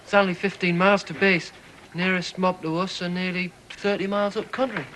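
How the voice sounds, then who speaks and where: An actor playing a young army radio operator, earnest and matter-of-fact. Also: male voice, sits high, fairly even intonation, a little fast, a bit bright, a little hiss or hum, low-quality recording. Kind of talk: 1980s television drama acting.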